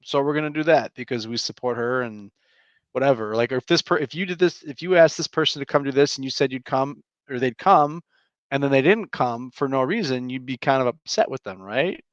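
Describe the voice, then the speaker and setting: A man in his thirties co-hosting a podcast, joking around and then laying out his reasoning in a relaxed chat. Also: mid-range voice, a little fast, no room sound. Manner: joking, playful, then plainly explaining. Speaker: podcast co-host. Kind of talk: casual chat. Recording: slightly dull, muffled audio.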